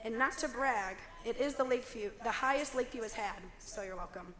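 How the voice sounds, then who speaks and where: A hoarse young woman speaks as class president, her voice worn thin and a little high. She delivers her graduation speech with wry humor, and a long reverb trails her words through the hall. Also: brisk, noisy background. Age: young adult. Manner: wry, joking asides. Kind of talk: commencement speech.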